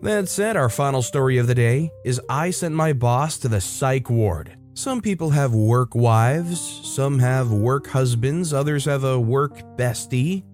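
A man narrating online stories in a steady, matter-of-fact scripted reading. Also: mid-range voice, unhurried, few pauses. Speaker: story narrator. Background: soft background music.

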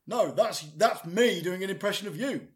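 This podcast co-host has a high-sitting, expressive voice and talks at a moderate pace. He jokes around in loose comedic banter, wandering off track and hesitating often with plenty of fillers.

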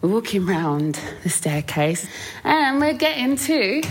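A woman's voice: on the high side, lively intonation, a little slow, a little hiss or hum. A young woman chatting casually as a guest, bubbly and full of "like". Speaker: guest singer. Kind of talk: casual chat and home tour.

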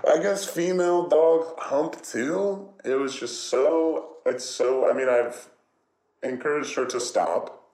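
A man rambling casually and jokingly in a relaxed monologue, swearing now and then. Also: a little high, takes it slowly. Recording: roomy echo.

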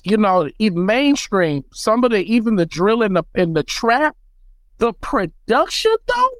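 A man's voice: very high-pitched, dry recording, poor audio. American guy talking hip hop on a podcast, real emphatic, dry mic. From United States. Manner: animated, emphatic storyteller. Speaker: guest beatmaker. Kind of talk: casual podcast chat.

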